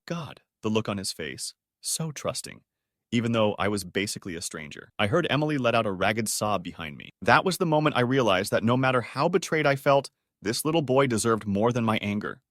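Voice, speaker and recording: Brief: male first-person storyteller, lively pitch, close dry sound. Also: brisk, no echo. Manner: emotional storytelling. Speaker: story narrator. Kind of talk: scripted first-person narration.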